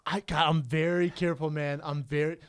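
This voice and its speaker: A man in his thirties, co-hosting a podcast in casual chat and acting out quoted lines loudly. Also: a little high, level tone, brisk, clear, resonant tone. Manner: storytelling, acts out quotes loudly. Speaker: podcast co-host.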